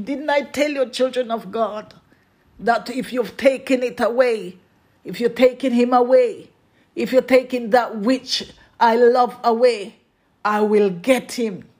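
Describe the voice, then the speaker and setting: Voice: medium pitch, slow, darkish tone. A preacher delivering a sermon, repeating refrains with emphasis and speaking straight to the congregation.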